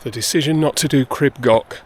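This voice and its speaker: A man's voice: medium pitch, moderate pace. A man chatting casually and self-deprecatingly while hiking up a busy mountain path, slightly out of breath, filming on a handheld phone held close. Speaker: hiker vlogger. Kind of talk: casual vlog chat. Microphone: handheld phone camera held close.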